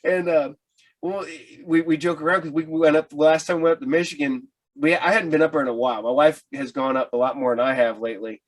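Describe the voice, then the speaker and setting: A man's voice: fairly high pitch, steady tone, fast. A man hosting a casual podcast, easygoing and chuckling, who trips over his words as he tells a story. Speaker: podcast host.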